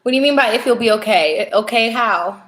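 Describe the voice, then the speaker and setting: A woman's voice: on the high side, brisk, fairly bright tone. A young woman hosting a casual live stream as a tarot reader, chatting, greeting viewers by name and laughing often.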